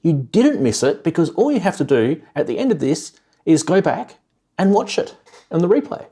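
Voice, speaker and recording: A man's voice: on the high side, big pitch swings, normal speed, dark tone, breathy edge. Chatty man hosting a live stream. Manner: chatty, rambling, laughs often. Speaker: host. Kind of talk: casual live-stream chat.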